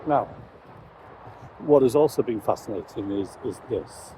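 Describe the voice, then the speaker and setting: A man, a Christian commentator, giving measured, reflective commentary on current events. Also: lowish voice, animated, background noise.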